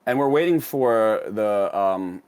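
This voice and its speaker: Low-voiced man telling a rambling story. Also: lively intonation, takes it slowly, darkish tone, clear, resonant tone. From United States. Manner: rambling, many fillers and restarts. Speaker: interview guest, DJ. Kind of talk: casual storytelling interview.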